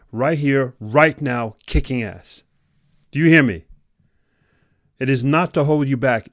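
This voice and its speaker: A man hosting a motivational podcast, speaking intensely, alternating between loud exhortation and hushed, close delivery. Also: medium pitch, no echo. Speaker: podcast host. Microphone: podcast microphone.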